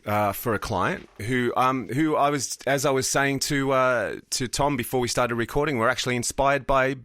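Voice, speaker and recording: A man's voice: medium pitch, normal speed, fairly bright tone, clean tone, no room sound. A man co-hosting a podcast, steering the talk in an easygoing, teasing way. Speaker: podcast co-host. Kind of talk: casual podcast chat.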